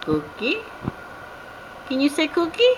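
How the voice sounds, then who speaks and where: A woman talking to her toddler in slow, sing-song baby talk, coaxing and gently scolding, filmed on a camcorder at home in the kitchen. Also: high-pitched, huge pitch swings, roomy sound, background noise.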